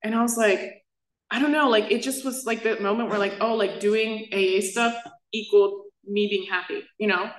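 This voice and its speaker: A woman's voice: medium pitch, steady tone, normal speed, roomy sound, poor audio. A woman in her twenties giving a personal recovery share as main speaker, rambling and packing her talk with "like" fillers. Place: meeting room.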